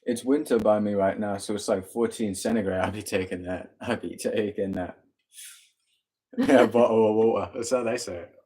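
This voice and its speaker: A man's voice: fairly low pitch, moderate pace, a little mellow, slightly rough. A man co-hosting a live stream in casual chat, laid-back and laughing often as he reads viewer comments aloud.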